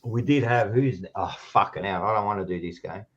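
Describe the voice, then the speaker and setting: Loud teasing Australian man, muffled sound. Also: fairly low pitch, a little fast. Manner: loud, teasing, swears freely. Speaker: podcast co-host. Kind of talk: casual footy chat.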